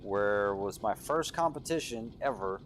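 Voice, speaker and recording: A man doing live play-by-play commentary on a drift competition from a commentary booth, excitable and swearing casually, his voice jumping up on big moments. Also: fairly low pitch, a little slow, slight background noise.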